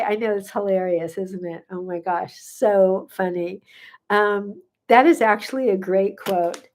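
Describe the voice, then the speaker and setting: A woman's voice: mid-range voice, darkish tone. An older woman, a gut health coach, chatting casually on a live stream, answering viewer questions with frequent fillers and laughter.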